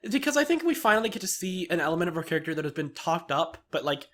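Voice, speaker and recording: A man hosting a podcast, chatting casually, swearing freely and acting out characters in quick quoted voices. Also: a little high, big pitch swings, a bit bright. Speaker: podcast host. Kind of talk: casual chat.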